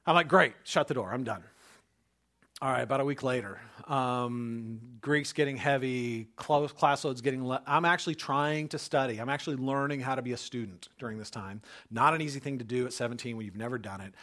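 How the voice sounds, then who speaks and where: A man's voice: mid-range voice, brisk, fairly bright tone. A man in his thirties, a pastor, telling a personal story in a casual way and then preaching with emphatic, building conviction.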